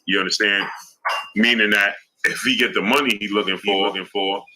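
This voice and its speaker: A man's voice: lowish voice, fairly even intonation, fairly quick, sharp tone, a little hiss or hum, poor audio. A man on a boxing live stream, hyping viewers by name in streetwise slang. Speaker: boxing YouTuber reading super chats. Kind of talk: live-stream shout-outs.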